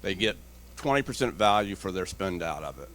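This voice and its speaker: A man's voice: low voice, sing-song, fairly quick, a bit bright. A man on a conference panel, blunt and joking, telling stories and acting out the dialogue in them. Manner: storytelling, acts out dialogue in quotes. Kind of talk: panel discussion. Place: conference stage.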